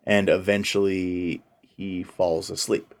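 Animated man retelling a film. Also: low-pitched, slow, creaky. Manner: animated storyteller acting out characters' lines. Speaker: podcast co-host. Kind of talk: casual chat retelling a film.

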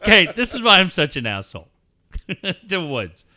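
A man hosting a radio show, telling a story in loud, mocking, profanity-laced banter. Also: high-pitched, moderate pace. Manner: loud, mocking, animated storyteller who swears a lot.

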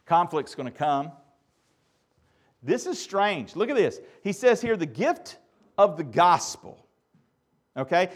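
A middle-aged man preaching a sermon as pastor, his voice rising to loud peaks and dropping to near-whispers. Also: high-pitched, very animated, takes it slowly, long pauses.

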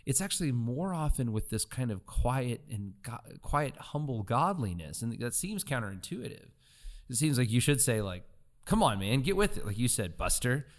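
A man's voice: mid-range voice, sing-song, moderate pace. A man talking in a casual faith discussion, conversational and agreeable, with loose, rambling phrasing.

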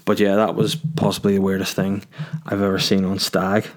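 A man's voice: deep voice, completely flat delivery, brisk. A young man hosting a podcast, telling crude stories in a rambling, joking way. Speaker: podcast host. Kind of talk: casual storytelling.

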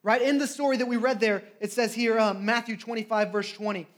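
A man's voice: high-pitched, steady tone, brisk. A man preaching a sermon in a conversational way, often asking "right?" and acting out quotes.

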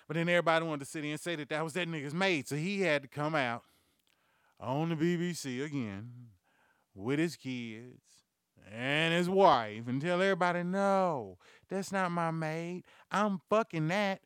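A man hosting a comedy news podcast, ranting loudly and profanely, acting out quoted voices as he tells stories. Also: a little high, normal speed, clean tone, no room sound, studio quality. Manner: profane, loud, animated storytelling. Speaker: podcast host.

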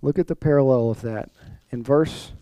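A man's voice: mid-range voice, normal speed, warm tone, no room sound, poor audio. A male pastor preaching a sermon in a conversational way, full of restarts and rhetorical questions.

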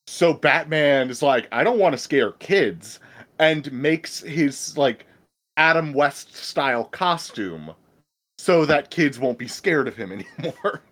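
A man in casual chat about films, animated and stumbling over quick restarts. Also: on the high side. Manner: animated, stammers through restarts.

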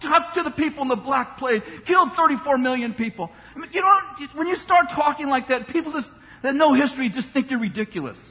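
High-pitched impassioned male preacher in a hall. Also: expressive, quick pace. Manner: impassioned preaching, mocking voices for complainers. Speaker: pastor. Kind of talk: sermon. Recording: dull sound in a long-reverb hall.

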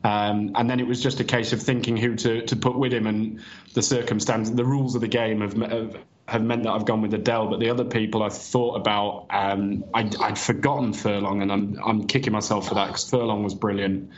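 A man in a relaxed, reflective football chat over a video call, with a wry edge. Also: fairly low pitch, brisk. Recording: dull lo-fi video call audio.

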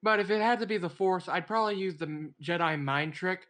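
A podcast guest with a fairly high voice for a man. He cracks quick one-liners throughout a loose group chat. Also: fairly bright tone.

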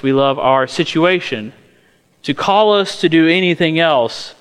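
A man's voice: on the high side, fairly bright tone, smooth. A young man from north Florida preaching a sermon as pastor, emphatic and folksy, tossing out rhetorical questions. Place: church sanctuary. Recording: long church reverb.

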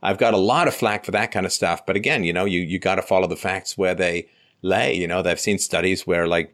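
A man with a fairly low voice argues his points with animation in a political discussion. He backs up his claims with anecdotes and talks with conviction. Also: brisk. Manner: animated, argumentative storyteller.

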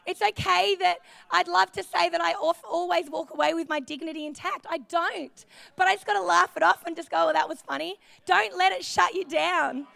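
A woman's voice: very high voice, steady tone, normal speed, creaky, pushed and bright. A woman preaching a sermon in a chatty, self-deprecating way, telling personal stories in a church.

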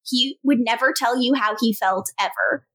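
A woman's voice: a little high, normal speed, a bit bright, rough recording. A woman co-hosting a podcast, recapping a TV episode in casual chat and acting out characters' lines with frequent laughter. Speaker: podcast co-host.

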